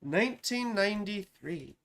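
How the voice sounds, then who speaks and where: A woman's voice: mid-range voice, expressive, measured pace, gravelly. Profane joking woman astrologer. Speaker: astrologer hosting a livestream. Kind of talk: casual live chat reading viewer comments.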